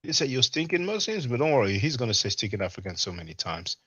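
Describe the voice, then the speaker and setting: A man commenting over a video he plays, speaking in a measured, pointed way and repeating key phrases. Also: mid-range voice, very animated, sharp tone, husky, no echo, dull audio. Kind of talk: commentary over a played clip.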